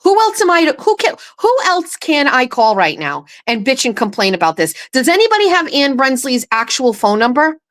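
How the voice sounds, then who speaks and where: A woman's voice: high-pitched, huge pitch swings, normal speed, few pauses, a bit bright. A woman hosting her own show, ranting angrily and with profanity about a political campaign from a home setup. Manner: angry, profane, heated ranting. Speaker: host.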